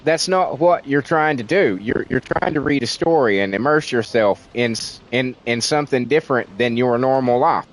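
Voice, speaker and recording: A man's voice: mid-range voice, lively intonation, moderate pace, few pauses, poor audio. A man from Tennessee with a thick Southern accent, venting in casual, rambling livestream chat and swearing freely. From Tennessee, USA.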